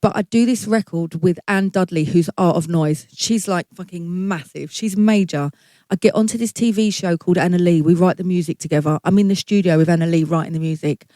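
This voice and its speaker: A woman's voice: fairly low pitch, a little fast, mellow, no echo. A middle-aged woman, a guest singer, telling her career story in a candid, chatty way, swearing freely and acting out her past thoughts.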